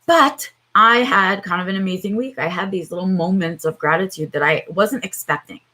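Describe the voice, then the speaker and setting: A woman's voice: lowish voice, a little fast, pushed and bright. Tired, chatty woman livestreaming. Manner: chatty, greets viewers by name, many fillers. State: tired, low-energy voice. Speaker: livestream host. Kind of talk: casual livestream talk.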